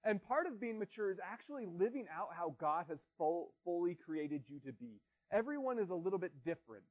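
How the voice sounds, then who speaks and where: A pastor in his thirties delivers a sermon in a notably high voice. He talks earnestly and plainly, posing rhetorical questions to his listeners. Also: sing-song, fairly quick, darkish tone.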